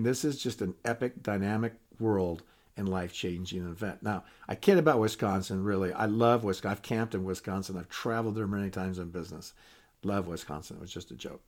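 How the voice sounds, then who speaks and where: An older, retired man hosting a podcast in a folksy, candid, self-deprecating way, with frequent restarts. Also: fairly low pitch. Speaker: podcast host. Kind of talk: casual podcast monologue.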